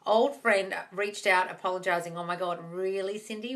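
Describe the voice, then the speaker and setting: A woman's voice: medium pitch, steady tone, normal speed, fairly bright tone. A woman hosting a live-stream Q&A as a manifesting coach, reading viewer comments aloud and replying bluntly, calling everyone darling. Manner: blunt, swears casually. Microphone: phone.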